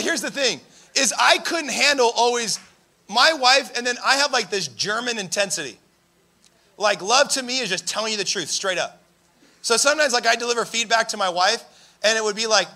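High bright-voiced young male preacher. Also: moderate pace. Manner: animated storytelling, raises his voice for emphasis. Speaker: pastor. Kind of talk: sermon.

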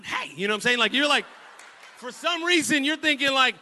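A young adult man preaching a lively sermon in a church, telling playful stories and calling for responses from the congregation, with sudden loud bursts. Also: extremely high pitch, a little fast. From Northern California. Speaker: pastor. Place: church sanctuary.

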